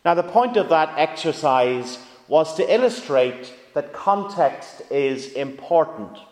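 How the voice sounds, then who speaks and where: A man's voice: a little high, expressive, slow. Man, pastor, conversational sermon, quizzes the congregation, reverberant church hall. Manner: conversational, engaging the congregation with questions.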